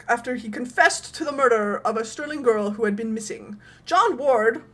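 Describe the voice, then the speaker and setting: A young woman streaming a horror game, excitable, laughing often and swearing casually. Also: on the high side. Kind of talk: casual gameplay commentary.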